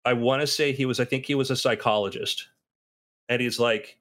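A man in casual conversation who tells stories with energy and acts out the people he quotes, jumping high and low in pitch. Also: a little fast. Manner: animated storyteller, acts out quotes with big pitch swings.

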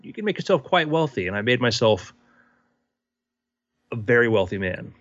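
A man voicing a wealthy, secretive man in his sixties, calm and quietly unsettling in a comedic role-play. His delivery is measured, with lively rises and falls in pitch. The audio is a little dull and lo-fi. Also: no room sound. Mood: self-assured. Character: reclusive wealthy older man, calm and creepy. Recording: slightly dull lo-fi podcast audio.

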